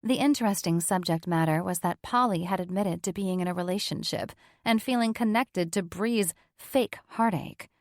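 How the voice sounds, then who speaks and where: A woman's voice: fairly low pitch, normal speed, no room sound. Dry, frank woman narrating an audiobook. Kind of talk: first-person audiobook narration.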